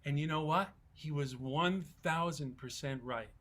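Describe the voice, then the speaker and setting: A man in his sixties, a songwriter on a festival panel, telling relaxed, folksy stories in casual talk. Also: a little high, unhurried.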